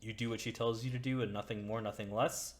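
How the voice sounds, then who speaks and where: A game master voicing a brisk, no-nonsense female hippogriff handler giving matter-of-fact instructions. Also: lowish voice, steady tone, natural voice.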